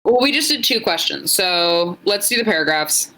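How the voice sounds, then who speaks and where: A woman co-hosting a podcast in casual chat, a bit tipsy, chatty and quick to laugh at herself. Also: fairly low pitch, expressive, pushed and bright, rough recording. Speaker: podcast co-host.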